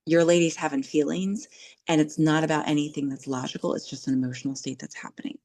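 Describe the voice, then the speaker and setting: A woman's voice: low-pitched, fairly even intonation, fast, darkish tone. A middle-aged woman hosting a podcast, giving earnest relationship advice in a casual, coaching way. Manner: earnest, coaching, acts out quoted dialogue. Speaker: podcast host.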